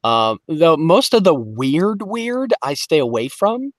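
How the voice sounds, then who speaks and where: A man from Detroit, a voice actor guest on a podcast, telling lively stories in casual chat and slipping into quick voices. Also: on the high side, no echo, clean studio sound. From Detroit, Michigan. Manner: animated storyteller, slips into quick voices.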